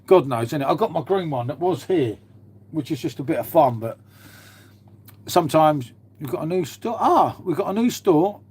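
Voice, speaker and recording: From a half-converted garage at home, a man live-streams and reads out viewer comments, rambling along, swearing now and then and calling everyone mate. His voice leans high, a little mellow and slightly rough, with lively intonation at a normal speed.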